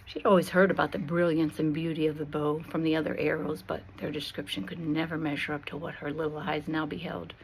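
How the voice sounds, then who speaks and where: Slow and expressive, a low-voiced woman narrates a Christian allegory, leaning into every dramatic beat. The recording is rough, with a faint hiss of noise beneath her.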